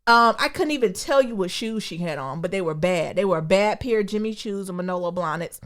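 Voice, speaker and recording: A Detroit woman co-hosts a podcast, speaking in a mid-range voice at a fairly quick clip. She tells stories in casual, slangy chat, animated throughout, and acts out the quotes.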